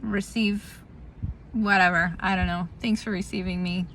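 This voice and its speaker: Sharing a family update, this vlogger speaks in a steady, mid-range, fairly bright voice at an unhurried pace. She's tired and candid, rambling and laughing through a difficult family moment in a casual spoken diary, with slight background noise.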